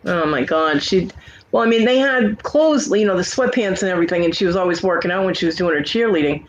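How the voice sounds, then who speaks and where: A woman's voice: on the low side, fast talker, dull audio. A woman host in casual chat, bluntly telling salty family stories with a laugh.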